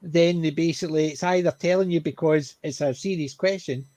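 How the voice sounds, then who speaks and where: A Scottish man with a notably high voice talks casually on a panel show, explaining things at length. His voice is recorded dry and close, with no room sound. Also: a little fast, a little mellow, no echo. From Scotland.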